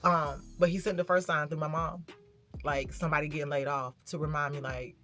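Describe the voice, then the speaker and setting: A woman's voice: low voice, steady tone, moderate pace, fairly bright tone, faint music behind. A woman vlogging in a candid, reflective way, telling a personal story and talking straight to her viewers. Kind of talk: candid casual vlog talk.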